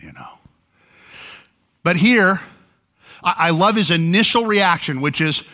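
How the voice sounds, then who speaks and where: A pastor preaching a sermon, telling a story with lively energy and acting out the lines he quotes. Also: a little high, unhurried, pauses often.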